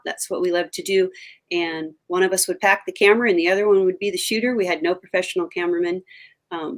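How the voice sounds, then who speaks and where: Older woman, TV hunting co-host, low-ish pitch, emphatic and chatty. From Oregon. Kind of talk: casual interview talk.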